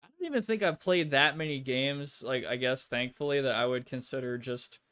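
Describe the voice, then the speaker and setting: A man's voice: medium pitch, a little fast, sharp tone, smooth. A man hosting a casual gaming stream, rambling and swearing a lot with plenty of filler words. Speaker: streamer host.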